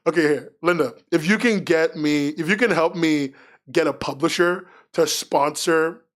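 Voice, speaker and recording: Man, streamer, casual live chat, rambling, frank, self-mocking, fairly high voice. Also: normal speed.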